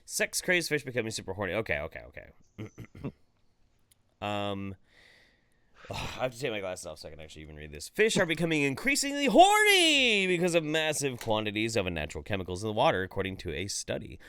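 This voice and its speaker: A man co-hosting a live podcast stream, reading the news and chatting loosely with plenty of swearing. His voice sits fairly low but swings up and down a lot. It sounds smooth and clear on a close, dry mic. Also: huge pitch swings, fairly quick, bright, forceful tone, dry recording. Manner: profane, laughing, loose and rambling. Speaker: podcast co-host.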